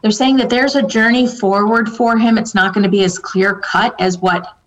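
On a dull, lo-fi recording, a psychic medium fields viewer questions in a steady, fairly bright mid-range voice at a moderate pace. She's casual and halting, full of fillers and restarts as she relays what the spirits tell her.

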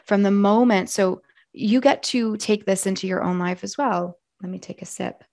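A woman speaks in a reflective personal monologue, her voice hoarse and full of fry. She talks slowly, softly and earnestly, the way a coach talks to clients. The sound is dry and close. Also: medium pitch, no echo. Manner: slow, soft and earnest. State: hoarse from yelling. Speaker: wellness coach.

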